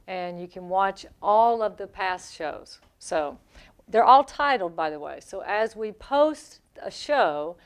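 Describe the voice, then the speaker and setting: A woman's voice: mid-range voice, expressive, smooth. A woman with a Southern US accent co-hosting a radio show, chatting in a playful, talkative way. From American South. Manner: playful, talkative, quick asides. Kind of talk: casual radio chat.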